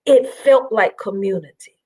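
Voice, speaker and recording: A woman from South Carolina, a guest on an interview show, telling her story in an animated, chatty way with frequent fillers. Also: a little high, normal speed, husky, low-quality recording.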